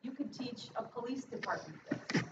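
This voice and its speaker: A woman's voice: a little high, animated, normal speed. Chatty woman therapist in an echoey room. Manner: chatty, jokey asides, quizzes the audience. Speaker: therapist giving a workshop talk. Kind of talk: casual presentation to an audience. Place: lecture room. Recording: echoey, distant, dull and noisy.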